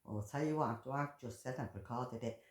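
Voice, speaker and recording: A woman's voice: rumbling low, fast. A woman ranting in angry commentary, full of swearing and emotional outbursts. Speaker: vlogger commentator. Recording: echoey room.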